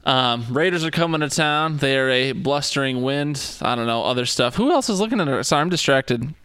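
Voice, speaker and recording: A man's voice: medium pitch, lively intonation, fairly quick, a bit bright, clean tone, no room sound. A man co-hosting a casual football podcast, chatty and rambling with fillers. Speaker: podcast co-host. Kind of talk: casual sports chat.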